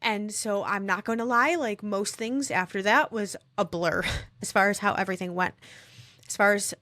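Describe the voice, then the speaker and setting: An earnest woman tells a deeply personal story for a podcast. She talks reflectively and haltingly, often restarting her thoughts. Her voice sits at a middle pitch, and the recording is dry and close. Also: a bit bright, no room sound. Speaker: guest telling her story.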